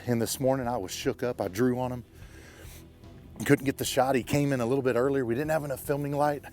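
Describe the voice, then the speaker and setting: A man's voice: medium pitch, fairly even intonation, fast, darkish tone, faint music behind. A man who is a bowhunter, narrating his hunt in short, plain spoken phrases, talking outdoors in the woods. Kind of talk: hunting show narration and field talk.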